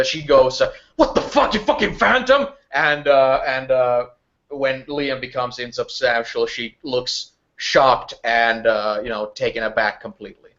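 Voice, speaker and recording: A man's voice: medium pitch, fairly bright tone. A man acting as game master, narrating a tabletop game in a rambling way full of hedges and restarts. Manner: rambling, many fillers and restarts. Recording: dull lo-fi recording.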